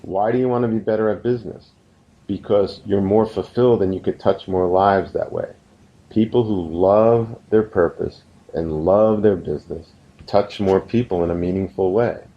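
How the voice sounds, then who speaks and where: A man giving an earnest motivational business lesson, telling stories and slowing down to stress his points. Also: low voice. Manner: earnest, storytelling, slows down for emphasis. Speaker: business course instructor. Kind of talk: recorded motivational course lesson. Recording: slightly muffled, dull recording.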